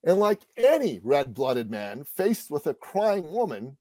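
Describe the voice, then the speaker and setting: A middle-aged man, a business coach, telling a motivational story in a lively conversational way. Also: on the high side, measured pace, few pauses, no echo.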